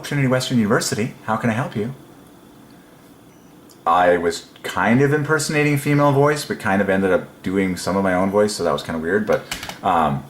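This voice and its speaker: A low-pitched man talks through a casual, one-man preaching monologue, wandering between thoughts with frequent ums and soft chuckles to himself. His voice bounces around an echoey room. A faint hiss of noise sits underneath. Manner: rambling and musing, many ums, chuckles to himself. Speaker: religious video presenter.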